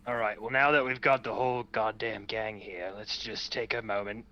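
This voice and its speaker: A man's voice: lowish voice, fairly even intonation, normal speed, sharp tone, highs cut off. A man playing a tabletop game, joking and bantering in a brash way. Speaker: player. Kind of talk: casual tabletop game chat.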